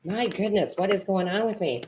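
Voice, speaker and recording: A woman's voice: mid-range voice, very noisy. A woman tarot reader and medium chatting with viewers on a live stream, rambling and correcting herself, teary and emotional.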